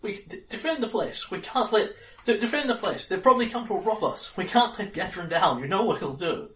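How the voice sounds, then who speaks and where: A man's voice: high-pitched, lively intonation, a little fast, bright, forceful tone, voice pushed up. A man voicing a panicked male thug boss who barks orders at his crew. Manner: frantic, barking. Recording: echoey room, mic far off.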